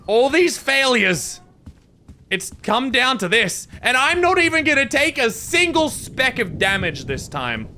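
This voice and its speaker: Animated, goofy male gamer. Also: high voice, a little hiss or hum. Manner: goofy, dramatic, self-mocking. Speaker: gaming video creator. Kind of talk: let's-play commentary.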